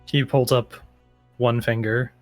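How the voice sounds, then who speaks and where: A man narrating as game master in a tabletop role-playing game, describing characters' actions in a relaxed way. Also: mid-range voice, slow, faint music behind.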